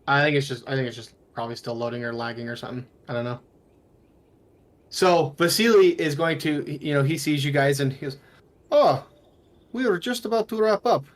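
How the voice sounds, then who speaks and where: A man running a tabletop game as game master, narrating in a loose, halting way with frequent restarts, over voice chat from home. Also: medium pitch, steady tone.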